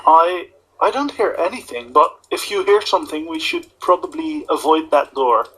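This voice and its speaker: A man's voice: a little high, big pitch swings, normal speed, bright, forceful tone, husky, low-quality recording. A man playing a tabletop game, hesitant and stumbling into restarts. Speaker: player. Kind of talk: casual tabletop game chat.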